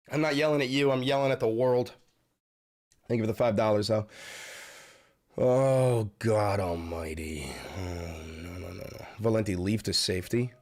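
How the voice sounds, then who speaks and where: A male streamer reacts to the news live, his voice sitting at an ordinary middle pitch. He swings between loud, cursing rants and quiet muttering to himself. His delivery is raw and unscripted. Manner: swings from yelling, profane outbursts to low muttering; swears constantly. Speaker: livestream host reacting to news.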